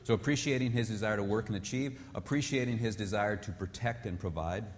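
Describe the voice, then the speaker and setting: A man's voice: fairly low pitch, fairly quick. A man speaking emphatically and animatedly at a marriage seminar in a live hall, acting out examples. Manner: emphatic, animated, acts out quotes. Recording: reverberant hall, faint noise.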